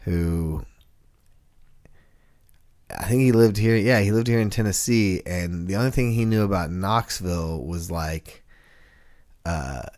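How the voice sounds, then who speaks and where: A man co-hosting a casual podcast, telling an animated story full of "like" fillers. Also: sits low, measured pace, long pauses. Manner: animated storyteller, heavy use of "like". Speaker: podcast co-host.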